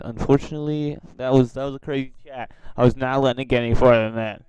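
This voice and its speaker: A man's voice: mid-range voice, steady tone, fast talker, hardly any pauses, darkish tone, poor audio. A man who makes online videos, giving casual commentary on video chats and reacting to viewers with exclamations and asides. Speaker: YouTuber.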